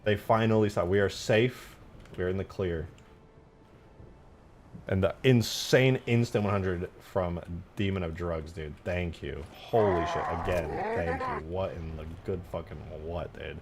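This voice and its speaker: A man's voice: deep voice, a little slow, background noise. A man in his twenties chatting casually on a live stream, rambling and swearing through slangy stories. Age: 20s. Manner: rambling, profane storytelling with slang.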